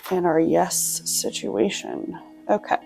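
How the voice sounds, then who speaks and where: A woman's voice: on the low side, big pitch swings, takes it slowly, vocal fry, darkish tone, slightly rough, faint music behind. A young woman talking casually to her vlog audience, candid and full of fillers like "like" and "you know". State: out of breath. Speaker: vlogger, nurse and business owner.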